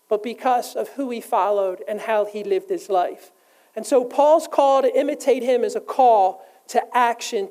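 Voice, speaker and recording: Woman giving a sermon, kinda high voice, earnest, keeps asking the crowd questions. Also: darkish tone, rough recording. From United States. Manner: earnest, posing questions to the listeners. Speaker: preacher.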